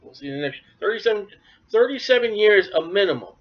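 Animated preacher man, high voice, lo-fi. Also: brisk. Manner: animated, acts out biblical voices. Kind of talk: sermon. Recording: dull lo-fi recording.

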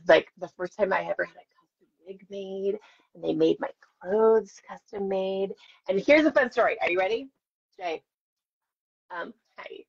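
Chatty and self-deprecating, an actress in her forties tells stories to fans as she signs autographs during a live stream. Her mid-range voice is gravelly and slightly rough, captured in dull lo-fi stream audio.

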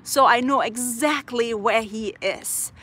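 A woman's voice: a little high, slow pace, fairly bright tone, a little hiss or hum. A woman who trains parrots vlogs to camera outdoors in a park and records on her phone. She talks in a chatty, passionate way, full of "like" fillers. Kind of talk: casual vlog talk to camera. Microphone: phone she is filming with.

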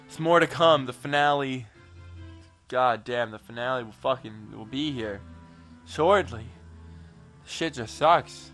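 A man's voice: mid-range voice, measured pace, fairly bright tone, faint music behind. A man giving casual gameplay commentary, frustrated and profane, rambling while a bit tipsy. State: tipsy from drinking. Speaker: let's play gamer.

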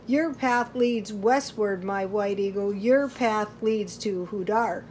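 A woman's voice: medium pitch, slow, a little mellow, a little hiss or hum, lightly acted. A woman voicing a stern old male prophet who rises to wrathful rebuke in a storybook reading. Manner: rising to thunderous rebuke.

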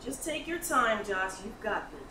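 A woman playing a brisk, commanding office manager in a staged reading of a TV script. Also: on the high side, sing-song, pushed and bright. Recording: echoey room, mic far, noisy.

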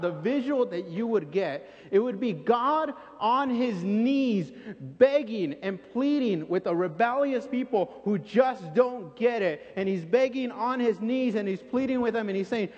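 A man preaching a sermon in an earnest, pleading way, often repeating himself for emphasis. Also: high-pitched. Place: church sanctuary. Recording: dull recording in a reverberant church.

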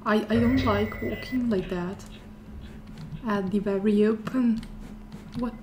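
This woman talks slowly in a medium-pitched, fairly even voice while streaming a horror game. Frightened, she mutters to herself, repeating lines and fading into whispers, with loud game music and background noise in the clip.

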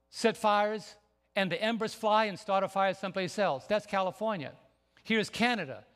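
A man preaching a sermon as pastor, emphatic and building to near shouts. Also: sits high. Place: church sanctuary. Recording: long church hall reverb.

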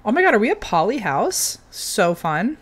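A young woman giving casual commentary while playing a game, chatty and given to sudden excited outbursts. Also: medium pitch, normal speed, breathy edge. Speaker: game streamer.

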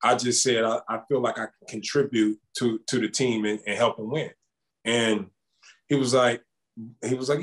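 Stories pour out of an ex-basketball player in his thirties during a laid-back interview. His mid-range voice keeps a moderate pace as he vividly acts out what everyone said.

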